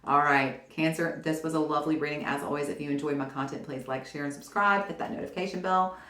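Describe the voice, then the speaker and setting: A woman giving a casual weekly tarot reading to camera, animated and encouraging, speaking straight to the viewer. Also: deep voice, fast talker. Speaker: tarot reader. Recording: roomy echo.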